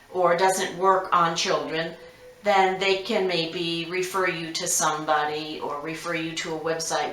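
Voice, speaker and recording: Frank woman with a bright, roomy voice. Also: on the low side. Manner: frank, instructive, lists numbered tips. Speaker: massage therapist. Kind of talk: direct advice monologue. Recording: roomy echo.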